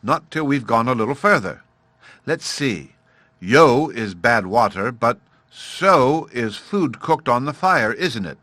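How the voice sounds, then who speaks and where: A man's voice: mid-range voice, expressive, slow pace, sharp tone, dry recording, exaggerated voice. A man voicing a thoughtful, playful caveman father who patiently explains things in a storybook reading. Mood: explaining.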